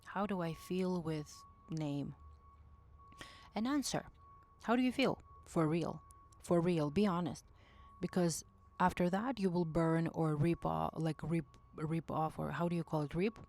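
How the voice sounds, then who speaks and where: A woman's voice: deep voice, measured pace, darkish tone. A woman giving intuitive spiritual advice in a casual monologue, speaking earnestly, often searching for words and rephrasing herself. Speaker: intuitive message reader.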